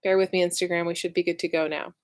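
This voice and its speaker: A woman's voice: lowish voice, little pitch movement, fast talker, low-quality recording. Chatty, emotional woman on a livestream. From Southern California. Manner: chatty and emotional, with many fillers. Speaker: channel host. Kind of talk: casual livestream chat.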